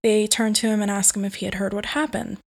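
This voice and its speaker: A woman's voice: mid-range voice, little pitch movement, fast. A woman telling a family ghost story in plain, earnest spoken words.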